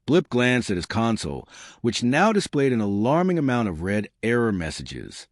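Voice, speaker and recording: A man's voice: medium pitch, big pitch swings, moderate pace, no room sound, clean studio sound. A man telling a comic sci-fi story in wry, scripted narration.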